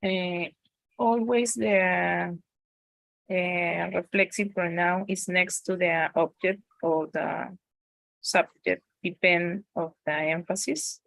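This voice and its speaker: A woman's voice: fairly low pitch, steady tone, slow pace, creaky, fairly bright tone, no echo, poor audio. A woman studying English in an online lesson, asking a question hesitantly and searching for her words. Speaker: English student.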